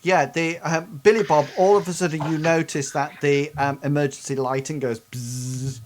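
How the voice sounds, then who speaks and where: A man narrating as game master, describing scenes in a halting way with frequent restarts. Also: fairly high pitch, steady tone, slight background noise.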